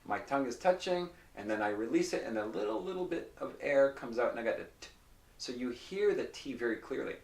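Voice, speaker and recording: A man teaching pronunciation. He explains patiently and repeats example phrases slowly and carefully. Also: mid-range voice, animated, gravelly, a little mellow. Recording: roomy echo, mic at a distance.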